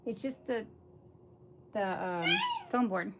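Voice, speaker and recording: A woman's voice: medium pitch, takes it slowly, very noisy. A middle-aged woman chatting casually to viewers on a livestream while she crafts, rambling from one thought to the next.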